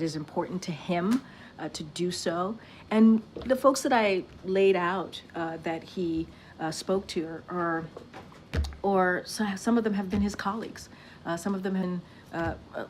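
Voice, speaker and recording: Casting: low-voiced woman spokesperson, careful halting briefing answers, faint room hiss. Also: darkish tone. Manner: measured, halting, many fillers. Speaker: press secretary.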